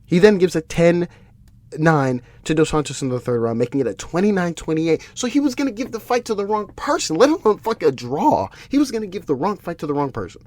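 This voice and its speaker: A man hosts a solo podcast and rants in exasperation, swearing as he goes. He restarts his sentences often, and his slightly high voice swings up and down a lot. The recording is close and dry. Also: brisk, dry recording. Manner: animated, exasperated ranting with frequent restarts and swearing. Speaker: podcast host. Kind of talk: solo MMA podcast commentary.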